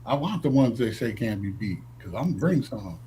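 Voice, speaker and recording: A man's voice: mid-range voice, lively intonation, fairly quick, mellow, a little hiss or hum. A man from the northern United States telling profane stories in a brash, swaggering way, acting out quotes in a raised voice. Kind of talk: profane storytelling.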